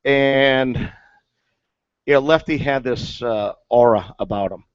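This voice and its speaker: A former big-league catcher, here as a guest, tells a story in casual chat with a medium-pitched, slow, clear and resonant voice. He rambles with plenty of fillers and restarts, and the recording sounds dull, dry and lo-fi with no echo.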